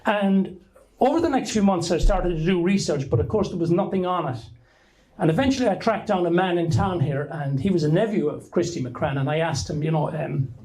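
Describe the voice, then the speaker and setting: A man's voice: high voice, lively intonation, brisk, darkish tone, rough recording. A middle-aged Irish man telling a rambling, anecdotal story to an audience at a book launch, often restarting his sentences. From Ireland. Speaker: author giving a talk.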